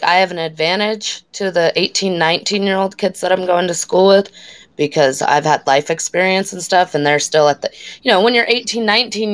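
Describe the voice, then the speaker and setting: A woman in her thirties co-hosts a podcast in a mid-range voice on a dry recording. She chats casually, swearing freely and laughing as she tells stories.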